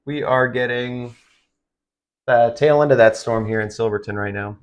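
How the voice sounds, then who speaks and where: A man's voice: mid-range voice, moderate pace, lo-fi sound. A tired man hosting a live stream of severe weather coverage, talking in a rambling, conversational way with lots of fillers. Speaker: livestream weather host.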